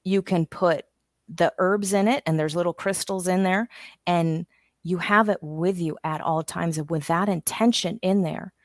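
A woman's voice: lowish voice, steady tone, moderate pace, no echo, clean studio sound. A middle-aged woman from the United States, talking candidly and telling stories as a guest in a casual chat. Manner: candid, storytelling, self-interrupting.

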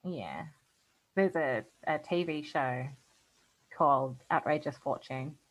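An Australian woman co-hosts a podcast in casual conversation, chatty and laughing often, frequently trailing off mid-thought. Her voice is low-pitched and slow with lively intonation, and the recording is rough.

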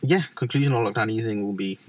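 A young man, chatting casually as a vlog co-host, animated and swearing freely. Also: fairly low pitch, fast. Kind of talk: casual chat.

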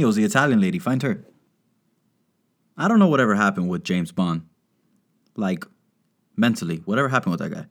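A man's voice: medium pitch, fairly bright tone. A man doing a crude, rambling stand-up comedy monologue, riffing and slipping into put-on voices. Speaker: stand-up comic. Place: Miami.

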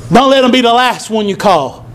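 A man preaching a sermon as pastor of his church, building to shouts and drawing call-and-response. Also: very high-pitched, expressive, brisk, slight background noise. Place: church sanctuary.

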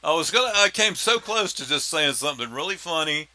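A man's voice: a little high, expressive, a little fast, sharp tone. A man hosting a podcast, chatting casually and joking with his co-hosts. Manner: joking, rambling, sign-off style. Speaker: podcast host. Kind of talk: casual chat.

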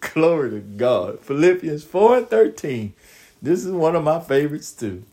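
In a sermon, a male preacher reads scripture verses slowly, breaking in with exclamations and calls to his listeners. His voice is medium in pitch, with big pitch swings.

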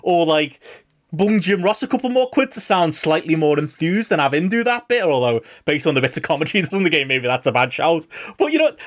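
A man co-hosting a casual podcast chat, animated and rambling, laughing often between points. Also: on the high side, a little fast. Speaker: podcast co-host.

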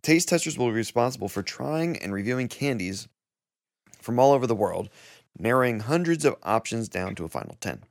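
A man's voice: mid-range voice, expressive, fairly quick, gravelly, dry recording, studio quality. A man co-hosting a gaming podcast in loose, laughing casual banter. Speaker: podcast co-host.

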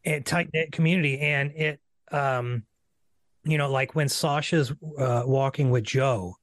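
Halting man on a dry mic. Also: mid-range voice, steady tone, dry recording. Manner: halting, many fillers and restarts. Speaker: podcast guest. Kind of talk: casual film discussion.

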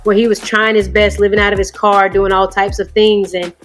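A woman's voice: mid-range voice, level tone, fairly quick, faint music behind. A woman college coach, a guest on a sports podcast, telling stories in an easygoing way. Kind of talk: podcast interview.

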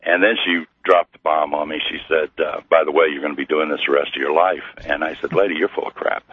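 Very deep, husky man on a phone line. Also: steady tone. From Missouri. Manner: slow, halting with many fillers. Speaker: guest. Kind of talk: storytelling interview. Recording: tinny phone-like radio line.

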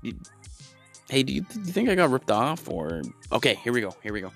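Man doing clueless stammering caller, rambling and sorry, lively swings. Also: mid-range voice, brisk, creaky, soft background music, pitched above the performer's own voice. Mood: flustered. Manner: rambling, stammering, mock-apologetic. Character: flustered clueless man faking computer trouble on a phone call.

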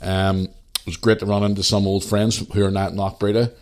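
Blunt Northern Irish man, low voice. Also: little pitch movement, a little fast, darkish tone. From Northern Ireland. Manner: blunt, opinionated storytelling. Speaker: podcast host. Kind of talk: casual monologue.

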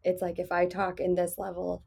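Woman, thirties, podcast host, soft soothing voice, frank, laughs a lot, casual chat. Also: on the low side, monotone, moderate pace, creaky, breathy edge. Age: 30s. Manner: frank, laughs often, swears freely.

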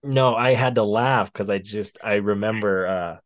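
A man co-hosting a podcast in casual chat, telling stories with big swings in his voice. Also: moderate pace. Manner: animated storyteller with big pitch swings.

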